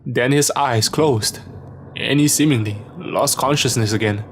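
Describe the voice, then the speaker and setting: A man narrating a first-person horror story in a steady, measured way, in a scripted storytelling style. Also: medium pitch, a little hiss or hum.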